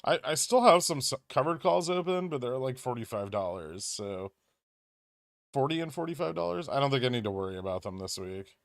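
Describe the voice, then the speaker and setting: A man talks casually to his livestream viewers. He answers their questions in a wry, offhand manner and often thinks out loud, restarting his sentences. His voice sits at an ordinary pitch and is recorded close and dry, with no room echo. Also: sing-song, brisk, gravelly. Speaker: stock trading livestream host.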